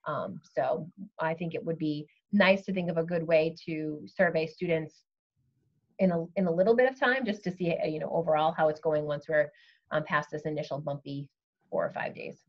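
A woman school official, giving measured updates on a video call with many ums. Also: low voice, highs cut off. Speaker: school superintendent. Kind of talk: virtual meeting update.

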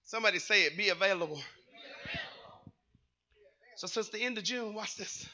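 Male pastor, very high and piercing voice, fervent call-and-response preaching. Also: moderate pace. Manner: fervent, rising to shouts, sing-song phrases. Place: church sanctuary.

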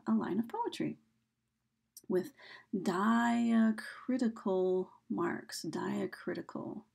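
Husky, creaky-voiced woman teaching. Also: on the low side, warm tone. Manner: casual, chatty explaining with frequent fillers. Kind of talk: recorded video lesson.

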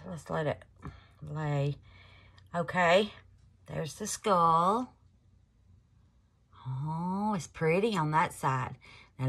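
A woman's voice: deep voice, fairly bright tone, breathy edge. A woman hosting a casual crafting vlog, gushing over her work and calling viewers baby and y'all. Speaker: resin crafting channel host.

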